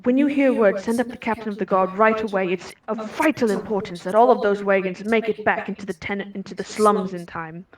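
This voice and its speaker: A woman's voice: medium pitch, brisk, hardly any pauses, lightly acted. An anxious, commanding lord, spoken by a woman game master, presses again and again with urgent questions. The voice comes from a distance in an echoing room. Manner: insistent, repeating urgent questions. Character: anxious commanding male lord giving orders. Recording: roomy, distant mic.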